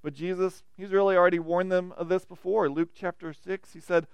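A man's voice: high voice, steady tone, fairly quick, smooth, no room sound. A man preaching a sermon, with dynamic emphasis and frequent questions to the listeners.

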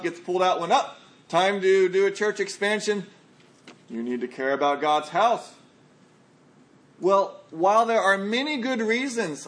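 A male pastor delivers a sermon in a high, clear voice. He talks conversationally but with emphasis, and he often poses rhetorical questions to his listeners. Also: fairly bright tone.

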